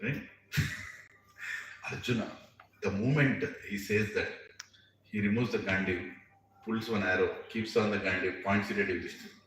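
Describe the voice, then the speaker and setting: A man's voice: on the low side, fairly even intonation, unhurried, long pauses, a bit bright, a little hiss or hum. A man with an Indian English accent telling a scripture story as a lecture, acting out the characters' voices and laughing often. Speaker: spiritual teacher telling scripture stories. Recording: roomy distant mic with faint ambience.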